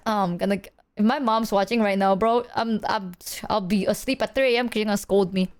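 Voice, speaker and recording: A young woman streamer chatting casually with her viewers, telling animated stories full of acted quotes and casual swearing. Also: medium pitch, fast talker, hardly any pauses, clean tone.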